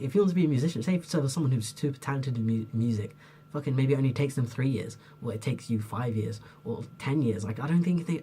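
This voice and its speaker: A young male vlogger delivers an unscripted, heated rant to camera, rambling, swearing often, and peppering his speech with "like." His voice is medium-pitched, warm, and husky.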